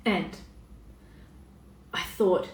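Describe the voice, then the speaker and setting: A woman's voice: extremely slow, a little mellow. A woman, talking casually on a live stream as a coach, swearing freely and greeting viewers by name. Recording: echoey room, voice a bit far off.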